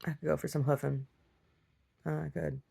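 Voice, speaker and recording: Middle-aged woman, video diarist, low gravelly voice, rambling storyteller who laughs a lot. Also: flat delivery, normal speed, mellow. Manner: laughs often, acts out quoted voices, many restarts. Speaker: video diary vlogger.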